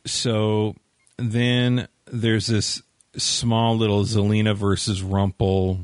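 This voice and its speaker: A man with a very deep voice co-hosting a casual recap podcast. He speaks in a halting, easygoing way, trailing off and picking up his thoughts, and the sound is dry and close to the mic. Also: no echo. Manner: halting, relaxed, trails off mid-sentence. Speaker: podcast co-host. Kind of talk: casual chat recapping a TV episode.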